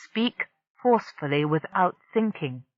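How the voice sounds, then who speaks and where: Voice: mid-range voice, expressive, unhurried, no room sound, muffled recording, close to an everyday voice. The narrator voicing a reassuring, patient female starship mind in an audiobook. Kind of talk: audiobook character voice.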